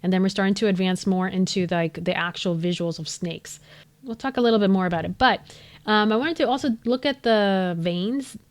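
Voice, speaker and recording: A woman speaks in casual commentary as a 3D artist reacting to a music video. She sounds enthusiastic and chatty, with little asides and fillers. Her pitch sits in the middle of the usual range. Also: a little fast.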